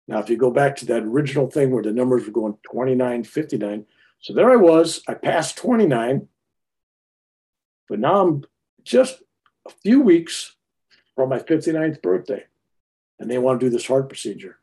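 Older man, mellow storyteller. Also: mid-range voice, moderate pace, long pauses. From United States. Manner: rambling, animated, with frequent restarts. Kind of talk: personal storytelling.

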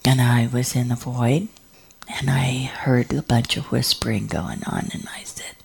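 A woman in her fifties telling her story in a low, unhurried voice. She acts out the other people's voices and sometimes drops to a whisper. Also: fairly even intonation, creaky, darkish tone, husky. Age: 50s. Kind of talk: personal storytelling.

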